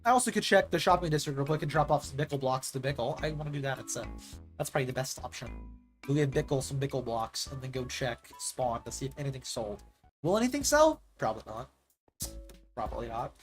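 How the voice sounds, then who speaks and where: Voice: medium pitch, quick pace, faint music behind. A gaming streamer chatting casually and telling stories in a rambling way, with lots of "like" fillers. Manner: rambling, animated storytelling with filler "like".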